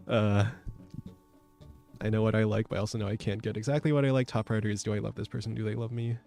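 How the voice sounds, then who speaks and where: A man streaming as a VTuber, chatting casually while he codes, joking at his own expense and sometimes breaking into high squeaky yelps. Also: little pitch movement, fast talker, gravelly, a little mellow, faint music behind. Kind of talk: casual chat while coding.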